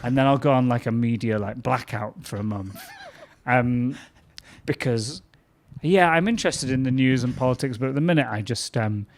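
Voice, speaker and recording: A young man from talks in relaxed podcast chat. He turns animated and laughing as he tells his stories, his clear. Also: medium pitch, moderate pace. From England. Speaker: comedian guest. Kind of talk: casual chat.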